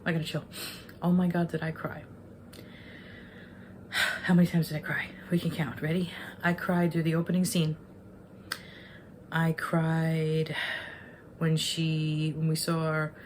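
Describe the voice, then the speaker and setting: A woman's voice: deep voice, slight background noise. A woman in her forties giving a casual, rambling film review, often correcting herself and speaking openly about her feelings. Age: 40s. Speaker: online movie reviewer.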